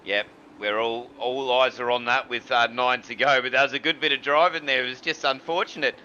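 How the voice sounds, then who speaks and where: A man co-commentating a sim race in a relaxed way, with many fillers and restarts. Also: mid-range voice, fairly quick, lo-fi sound, a little hiss or hum.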